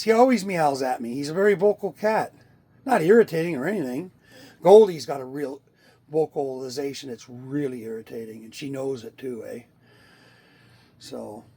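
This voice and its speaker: A man's voice: fairly high pitch, moderate pace, darkish tone. A middle-aged Canadian man with a Canadian accent, chatting casually to the camera inside his RV and talking sweetly to his cats. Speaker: vlogger. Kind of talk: casual rambling chat to camera. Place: inside an RV near a wood stove. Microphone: handheld camera.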